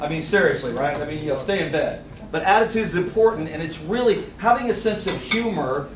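A man giving a lively seminar talk, quizzing the audience and acting out little scenes. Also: a little high, brisk, background noise. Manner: energetic, quizzes the crowd, acts out little scenes. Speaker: seminar speaker. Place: meeting room with audience. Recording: echoey room, picked up from a distance.

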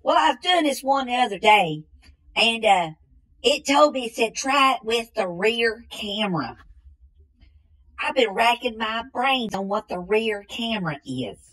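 A woman's voice: fairly high pitch, animated, measured pace, fairly bright tone, slightly rough, full character voice, poor audio. A woman doing a bumbling country man. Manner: drawling, repeats "ain't no way". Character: slow-witted country man who bumbles around. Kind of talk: comedy sketch.

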